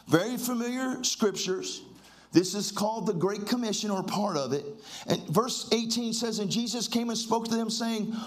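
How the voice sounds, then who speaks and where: A pastor preaching a fervent sermon, full of exclamations and leading his congregation in call-and-response. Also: sits high.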